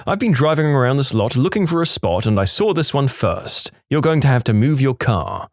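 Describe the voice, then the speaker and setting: A man voicing a pushy, demanding woman driver in a shrill, indignant tone while reading a story aloud. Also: big pitch swings, moderate pace, no room sound, studio quality.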